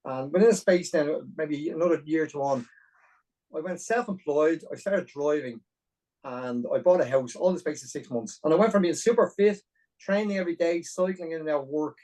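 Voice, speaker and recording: A man in his forties from Dublin with an Irish accent, a podcast guest telling his story in a lively, self-deprecating way with many restarts. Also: on the high side, a little fast, distant mic, rough recording. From Ireland. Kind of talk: conversational storytelling.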